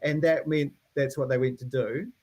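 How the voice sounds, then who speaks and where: A man's voice: mid-range voice, fairly even intonation, moderate pace, darkish tone. A man, a band member telling a laughing, rambling studio story and mimicking voices. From New Zealand. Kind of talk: casual storytelling interview.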